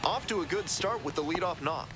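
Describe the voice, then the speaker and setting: A man calling baseball play-by-play in a smooth, polished broadcast manner. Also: high voice, fairly quick, faint music behind. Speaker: play-by-play announcer. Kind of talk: baseball commentary. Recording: game audio under loud ballpark noise.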